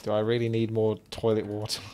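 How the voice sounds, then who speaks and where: A man's voice: fairly low pitch, monotone, fast talker, dark tone. A man streaming a game live, chatting casually with rambling asides and a slight sore throat. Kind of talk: live gameplay commentary.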